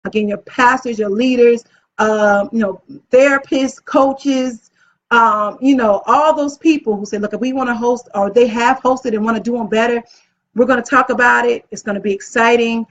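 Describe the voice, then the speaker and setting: A woman hosting a casual live video as an event planner, upbeat and chatty, often gushing about how excited she is. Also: on the high side, moderate pace. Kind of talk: casual live-stream talk. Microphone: phone or webcam live stream. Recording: dull lo-fi live-stream audio.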